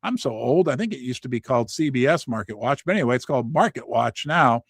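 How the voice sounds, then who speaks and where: Animated American man hosting from his basement. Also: medium pitch, quick pace, no echo. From United States. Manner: animated, jokey, rambling with restarts and asides. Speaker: host. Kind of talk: casual market commentary.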